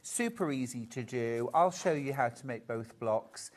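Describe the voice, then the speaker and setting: Low-voiced British woman gushing about fabric. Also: unhurried. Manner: gushing, chatty and animated. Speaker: quilting expert co-presenter. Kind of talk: live TV sales chat.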